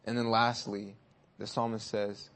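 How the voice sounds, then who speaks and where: A man with a slightly low voice delivers an evening sermon. He drops to near-whispers and then surges louder as he presses his listeners with questions. He slows right down when reading scripture aloud. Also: little pitch movement. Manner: swings between hushed and loud, exhortative; reads scripture slowly and deliberately. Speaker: preacher.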